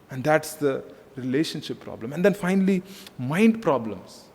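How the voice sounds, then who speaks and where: A man's voice: a little high, very animated, normal speed, vocal fry, a little mellow, husky. A man preaching a conversational sermon as pastor, repeating phrases and saying "you know" often. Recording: echoey hall.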